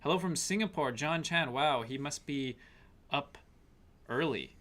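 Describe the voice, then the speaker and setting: A man's voice: fairly high pitch, expressive, a little slow, fairly bright tone. A man co-hosting a casual live stream, chatting loosely and reading out viewers' greetings.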